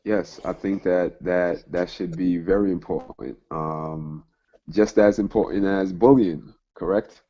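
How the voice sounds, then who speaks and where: Male call host: very deep, mellow voice, halting and full of fillers, muffled call audio. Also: fairly even intonation. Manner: halting, with frequent fillers and restarts. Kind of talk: conference call interview.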